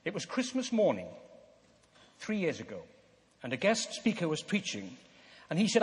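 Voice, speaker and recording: An older man delivers a sermon in an earnest, emphatic way, slowing down for dramatic pauses. His voice sits high for a man. The sound carries the long reverb of a big hall. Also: wildly swooping pitch. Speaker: preacher.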